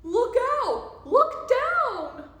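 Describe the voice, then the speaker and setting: A woman voicing a gentle young male vegetarian T-Rex who speaks in a plaintive, rising voice. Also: very animated, slow, exaggerated voice. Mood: alarmed. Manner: plaintive, high and loud when upset. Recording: roomy echo, faint background noise.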